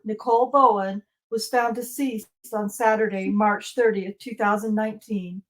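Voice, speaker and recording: A woman's voice: on the high side, poor audio. A middle-aged woman, a grieving mother, reading a bitter victim impact statement aloud in a courtroom. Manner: grieving, bitter, reads a prepared speech.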